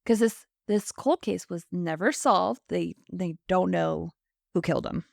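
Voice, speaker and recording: A woman's voice: fairly low pitch, measured pace, creaky, a little mellow, dry recording, studio quality. A woman co-hosting a podcast, casually recapping an episode and acting out the characters' lines. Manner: chatty, acts out characters' lines in quotes. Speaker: podcast co-host.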